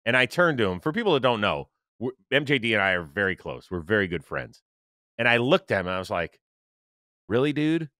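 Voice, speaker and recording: A lively man hosting a football podcast, his bright voice swinging up and down as he rants. He talks casually and swears freely. The sound is close and dry. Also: on the low side, no echo. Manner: animated, profane, quick to rant. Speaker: podcast host. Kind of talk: casual sports chat.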